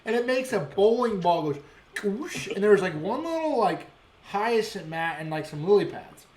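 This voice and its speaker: A man hosting a fishing show, telling fish stories in casual, excited chat with sound effects and frequent restarts. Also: sits high, moderate pace, reverberant.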